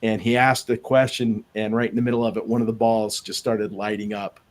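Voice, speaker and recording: A man's voice: lowish voice, level tone, brisk. A man who investigates the paranormal, telling rambling anecdotes in a casual podcast chat, with many restarts. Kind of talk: casual storytelling in a podcast interview.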